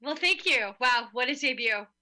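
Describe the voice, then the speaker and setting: A woman's voice: a little high, expressive, normal speed, sharp tone. A woman hosting an online show, chatty, laughing often and filling her talk with "like". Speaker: host. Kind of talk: casual chat.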